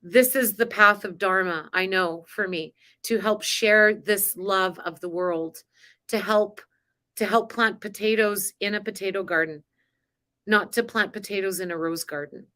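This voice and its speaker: A woman's voice: medium pitch, unhurried, pushed and bright. A woman hosting a spiritual coaching live stream, talking in a chatty, emotional way with frequent laughs. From grew up on a farm. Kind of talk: casual live-stream talk.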